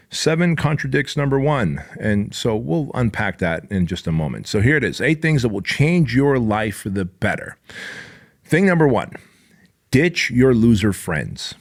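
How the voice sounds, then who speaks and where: A man in his forties hosting a podcast, giving a blunt, profane motivational monologue with heavy emphasis. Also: fairly low pitch. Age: 40s. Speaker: podcast host.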